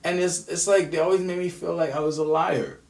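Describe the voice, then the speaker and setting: An aspiring screenwriter, upset and worn out, rants alone to the camera at home, bitter, profane and repetitive. The voice sits at medium pitch with a steady tone and a brisk pace. The mic is far off, leaving a roomy echo indoors.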